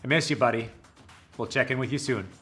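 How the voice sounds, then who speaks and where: A young adult man playing a teacher who patiently coaxes a puppet student through a video call, gently exasperated. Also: medium pitch, fairly quick, faint music behind. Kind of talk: comic scripted video call skit.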